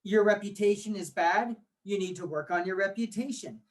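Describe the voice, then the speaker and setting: A man in his forties, a guest on an interview podcast, explaining things with lively rhetorical questions. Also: sits high, moderate pace. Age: 40s. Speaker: guest, marketing agency owner.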